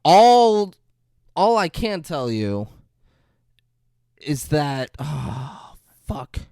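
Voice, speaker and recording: Profane, animated young man on a podcast. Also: a little high, extremely slow, gravelly, clean tone, no room sound, clean studio sound. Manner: profane, laughing, jumps into silly put-on voices. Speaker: podcast co-host. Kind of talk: crude comedic movie-review banter.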